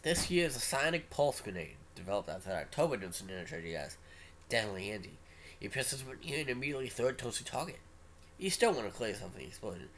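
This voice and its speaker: A man voicing a brash male military trainer, talking in a loud, commanding way in a game read-aloud. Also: medium pitch, sing-song, fast talker, a little hiss or hum.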